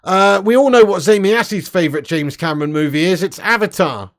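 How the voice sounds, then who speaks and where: A young man hosting a casual livestream, reading super chats, loud and sweary with lots of banter. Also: high voice, a little fast. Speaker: livestream host.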